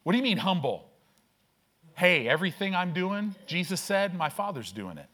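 This high-pitched male pastor swings his pitch widely as he delivers an energetic sermon in short bursts. He asks rhetorical questions and trades call-and-response with his congregation, his tone fairly bright.

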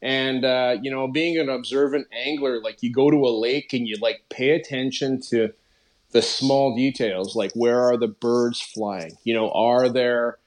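A man's voice: medium pitch, fairly even intonation, measured pace. A middle-aged man, a podcast guest talking casually and rambling with many fillers. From Canada. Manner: rambling, lots of "you know" and "like" fillers. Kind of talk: casual conversational interview.

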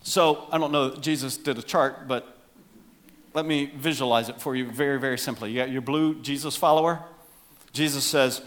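A middle-aged man preaching a sermon as pastor, animated, acting out voices for emphasis. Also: mid-range voice, normal speed.

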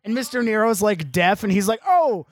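A man's voice: high voice, brisk. A man co-hosting a podcast, recapping a film in casual comedic chat and acting out scenes in silly voices.

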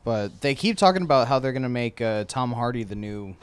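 Male guest, mid pitch, very lively intonation, teasing. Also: a little fast, clean tone. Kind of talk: casual chat.

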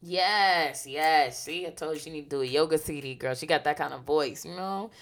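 A woman's voice: sits low, normal speed. A woman, chatting playfully and animatedly as host. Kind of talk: casual chat.

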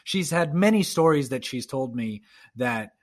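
A man as a podcast guest, telling a lively anecdote in casual chat and acting out quoted lines. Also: medium pitch, unhurried. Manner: animated, acts out quoted dialogue with restarts.

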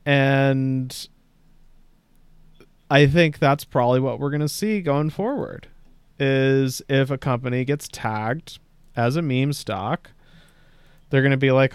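A man's voice: medium pitch, takes it slowly, pauses often, smooth, no echo. A man co-hosting a podcast, chatting casually and sardonically about the news and swearing freely. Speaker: podcast co-host. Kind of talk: casual news commentary chat.

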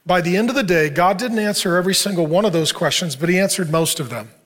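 Male pastor, middle-aged, slightly higher voice, relaxed conversational sermon delivery, earnest. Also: fast. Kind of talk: sermon to a men's group.

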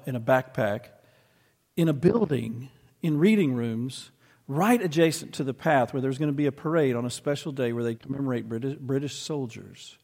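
Male pastor, storytelling sermon voice, mid pitch, long hall reverb. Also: creaky, darkish tone. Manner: storytelling, slows and presses for emphasis.

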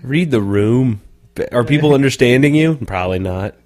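A man's voice: medium pitch, lively intonation, moderate pace, a little mellow. A man from North Texas hosting a casual beer podcast, laid-back and joking, swearing casually. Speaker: podcast host.

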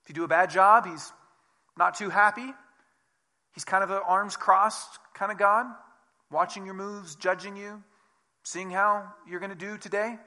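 A man preaching a conversational sermon as a pastor, acting out quoted voices with big jumps in loudness. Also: sits high, fairly even intonation, a little slow.

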